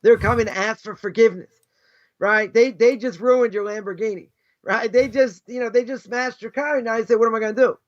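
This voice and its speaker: Man, rabbi giving a relaxed talk, very high voice, muffled lo-fi sound. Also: a little fast. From United States. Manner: chatty, peppers talk with "right?" and "you know", asks rhetorical questions. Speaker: rabbi teaching a class. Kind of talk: casual conversational Torah lesson. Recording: dull lo-fi recording.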